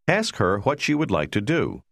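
A man with a fairly low voice narrates a language lesson. His delivery is scripted and instructive, and the pitch moves about a lot as he gives each prompt. The recording is dry and close. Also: big pitch swings, moderate pace, gravelly, no room sound.

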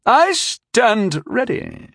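A man voicing a proud, blustering young knight who speaks gruffly and demands. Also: very high-pitched, very animated, very slow, fairly bright tone, dry recording, studio quality, pitched above the performer's own voice, exaggerated voice. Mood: vicious.

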